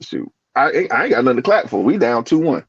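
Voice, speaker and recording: A man's voice: medium pitch, big pitch swings, fast, slightly rough, no echo. A man in a casual podcast chat with a mid-range voice, rambling and restarting his sentences as he hunts for words. The sound is a little muffled and lo-fi, and very dry. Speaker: podcast co-host.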